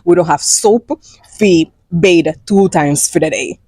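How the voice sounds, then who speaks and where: A woman tells stories in a relaxed, chatty way and slips Jamaican Patois into her English. Her voice sits a little low. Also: a little slow, husky. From Cuba. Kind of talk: casual storytelling.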